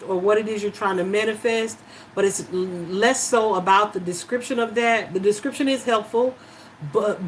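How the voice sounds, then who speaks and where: A woman's voice: medium pitch, slight background noise, rough recording. A woman chatting casually on a live stream about spirituality, with many fillers and easy laughter. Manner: warm, emotional, laughs easily, many fillers. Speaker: spiritual live-chat host.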